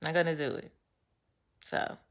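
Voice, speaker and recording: A woman chatting casually to her viewers, venting with animated storytelling and slang. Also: a little slow. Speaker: vlogger. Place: home, getting ready.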